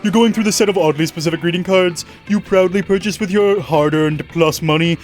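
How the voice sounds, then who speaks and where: A man reading game narration aloud with a wry, mock-dramatic tone. His voice sits high for a man. Faint music plays underneath. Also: a little fast.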